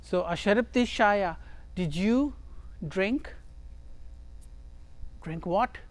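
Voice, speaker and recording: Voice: medium pitch, lively intonation, drawn-out words. A teacher giving a grammar lesson who reads each phrase, translates it and explains it step by step, often repeating words for emphasis.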